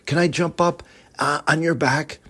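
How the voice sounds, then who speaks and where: Give me a man doing a small, eager storybook heroine with a much higher voice. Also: steady tone, unhurried, pushed and bright.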